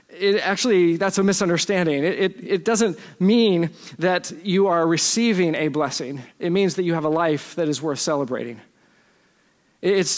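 A man preaching a sermon as pastor in a church, conversational and self-deprecating, with playful asides. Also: high-pitched. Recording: long church hall reverb.

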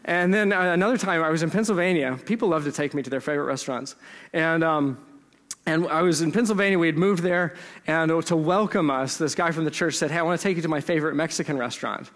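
A pastor from Texas telling stories in a relaxed, joking sermon. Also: male voice, on the high side, fast, in a large hall. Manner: conversational storytelling with humor.

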